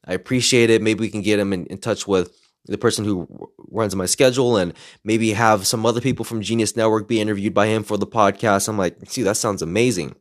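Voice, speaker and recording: A man casually telling a story as a podcaster, excited and animated, acting out what people said. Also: on the low side, fairly quick, no room sound, studio quality. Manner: excited, animated retelling with quoted voices.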